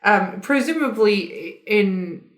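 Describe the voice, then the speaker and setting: A woman's voice: medium pitch, lively intonation, slow. A woman co-hosting a podcast in casual chat, reading out facts from a web page as she talks. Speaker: podcast co-host. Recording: roomy echo.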